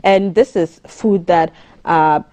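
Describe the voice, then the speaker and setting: Low-voiced woman doctor explaining. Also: dark tone. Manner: explanatory, measured, advisory. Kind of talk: studio interview on a morning TV show.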